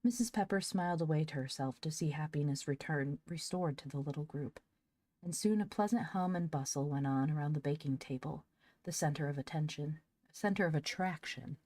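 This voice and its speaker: Low mellow woman reading a story. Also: brisk, no echo. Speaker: audiobook reader. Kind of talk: scripted narration.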